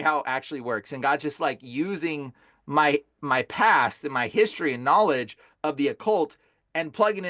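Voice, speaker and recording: Excitable man telling a wild story. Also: a little high, no room sound, studio quality. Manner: excitable, casual, keeps saying "bro" and "like". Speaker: podcast guest, deliverance minister. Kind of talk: animated storytelling.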